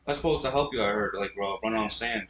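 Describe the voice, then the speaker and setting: A man's voice: fairly low pitch, fast, a bit bright, distant mic. Laid-back young man in his twenties. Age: 20s. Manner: laid-back, short agreeing replies. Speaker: podcast host. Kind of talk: casual chat. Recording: echoey room with faint background noise.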